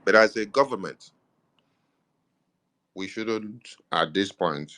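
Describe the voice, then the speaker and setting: A man with a Nigerian accent delivers an impassioned political address with a very low, heavy voice. He speaks as a government media minister and punctuates his points with emphatic affirmations. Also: expressive, takes it slowly, pushed and bright. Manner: emphatic, repeats "yes" to stress points.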